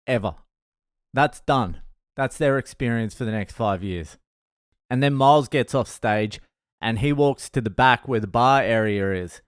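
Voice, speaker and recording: A man's voice: mid-range voice, unhurried, clear, resonant tone, no room sound. Australian man, comedian, crude storytelling, resonant voice, dry sound. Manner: crude, laid-back storytelling. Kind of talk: storytelling podcast.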